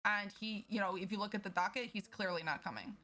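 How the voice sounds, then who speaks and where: A woman's voice: medium pitch, quick pace, sharp tone. A woman streaming a role-play court game, chatting casually as a lawyer and laughing often. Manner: chatty, laughs often, gets emotional reading chat.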